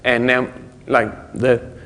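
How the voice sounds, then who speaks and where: A man's voice: medium pitch, flat delivery, slow pace, a bit bright. A man giving a technical conference talk, explaining ideas in a loose, conversational way, recorded in a conference hall. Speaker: conference speaker. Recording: long hall reverb.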